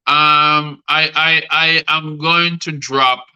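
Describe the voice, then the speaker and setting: Host, middle-aged man, crisp bright voice, performs rhyming poems live. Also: on the high side, steady tone, takes it slowly, poor audio. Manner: rhythmic spoken-word delivery, addressing guests by name. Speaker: host and poet. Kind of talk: reciting rhyming poetry on a live show.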